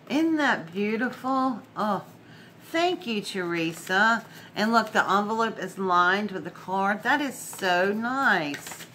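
A woman hosting a casual crafting vlog, gushing warmly and laughing as she opens mail. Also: medium pitch, expressive, slow pace, slight background noise. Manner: effusive, gushing, laughs often. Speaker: crafting channel host.

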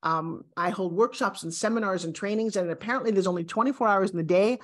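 A woman in her sixties, a guest, talking in an emphatic, animated and self-assured way in a motivational interview. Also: mid-range voice, fast talker. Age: 60s.

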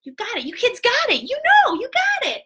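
A woman's voice: extremely high pitch, wildly swooping pitch, normal speed, sharp tone, pitched above the performer's own voice, exaggerated voice. A woman voicing a chatty little girl with very long hair, dramatic and giggly, swinging between squeals and whispers. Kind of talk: children's storytelling live stream.

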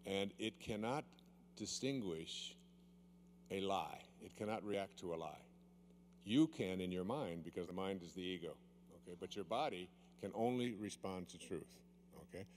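A man with a deep, slightly mellow voice jokes with a volunteer during a live seminar demonstration, drawing out key words for teasing emphasis before the audience. There's slight background noise, and the volunteer is holding the handheld mic.

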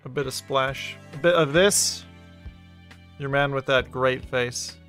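A man streaming a VR racing game, talking casually, excitable and swearing freely. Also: mid-range voice, slow, soft background music. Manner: excitable, swearing, laughing a lot. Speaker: VR gaming streamer. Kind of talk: casual live-stream commentary.

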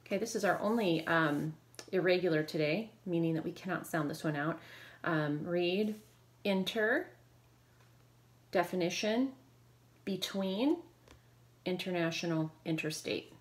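A woman teacher leading a phonics lesson, calling out brisk drill prompts and giving quick praise. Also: fairly low pitch.

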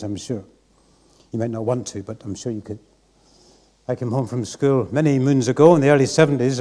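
A mellow-toned man, preaching from the pulpit of a church. He talks in an earnest, reflective, unhurried way. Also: medium pitch. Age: 60s. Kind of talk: sermon.

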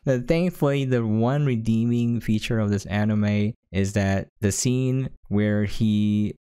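Guy ranting about a show, sarcastic and fed up, smooth lowish voice, dry sound. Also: slow, dark tone, dry recording. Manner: sarcastic, exasperated. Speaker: anime reviewer. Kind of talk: casual commentary rant.

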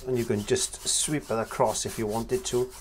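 A man's voice: mid-range voice, normal speed, background noise. Chatty man teaching painting. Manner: relaxed, chatty, talks while working. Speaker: painting instructor. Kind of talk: painting tutorial narration.

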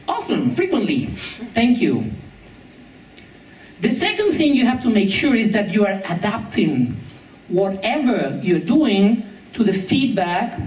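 A woman's voice: mid-range voice, a little mellow. A woman giving a humorous conference talk, sarcastic and laughing often, in a large hall with a translation booth. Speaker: conference speaker. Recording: echoey hall, mic at a distance.

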